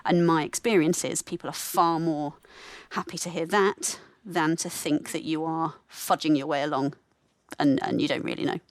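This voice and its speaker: Reflective woman with a soft Midlands accent. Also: low voice, fairly even intonation, normal speed, no echo. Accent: English Midlands, softened. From English Midlands. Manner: reflective, candid, with frequent self-corrections. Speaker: guest, theatre nurse. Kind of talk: relaxed podcast conversation.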